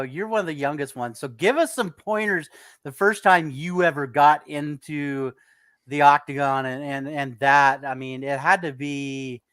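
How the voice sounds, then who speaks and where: A middle-aged man co-hosting a casual sports talk show, halting and stammering as he restarts his sentences. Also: fairly high pitch, a bit bright, smooth, no room sound.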